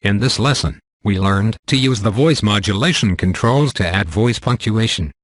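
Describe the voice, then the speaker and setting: A man reading a scripted software tutorial in a measured, step-by-step instructional manner. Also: on the low side, no echo, clean studio sound.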